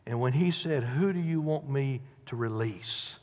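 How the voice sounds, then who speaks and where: A man preaching a sermon, telling the story dramatically, rising to loud cries and dropping to hushed whispers. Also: mid-range voice, measured pace, few pauses, big-room sound.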